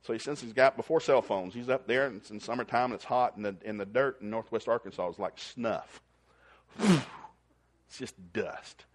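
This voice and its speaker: A man preaching a sermon in a folksy storytelling manner, acting out the people in his stories. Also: moderate pace. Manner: folksy, animated, acts out characters in a shouting high voice.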